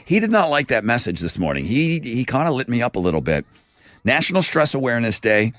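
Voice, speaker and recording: A man's voice: mid-range voice, very animated, fast talker, a bit bright, no room sound. A man hosting a morning radio show, joking with co-hosts in a studio and doing live ad reads.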